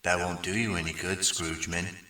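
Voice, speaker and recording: Guy reading as a stern christmas ghost, deep low voice, bright edge, dry. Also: little pitch movement, moderate pace, roomy sound. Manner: stern, matter-of-fact. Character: stern male Christmas ghost, blunt and unimpressed.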